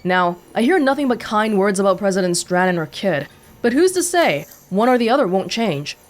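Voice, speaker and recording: A man's voice: high voice, very animated, normal speed. An actor playing a folksy, distrustful old man porter in a video game, speaking plainly with a drawl. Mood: wary. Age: older.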